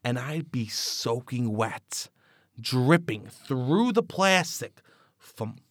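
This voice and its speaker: An insecure, dramatic talking sock, as a man plays him, spilling his fears in an earnest, rambling way. The voice sits at an ordinary middle pitch and sounds dry and close to the mic. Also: lively intonation, very slow, no room sound. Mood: embarrassed. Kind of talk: improvised comedic interview.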